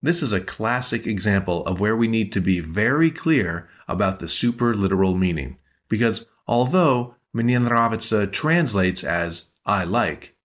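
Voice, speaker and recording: Patient, lower-voiced male language teacher. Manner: clear, patient explaining with slowed-down emphasis. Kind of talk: scripted language lesson.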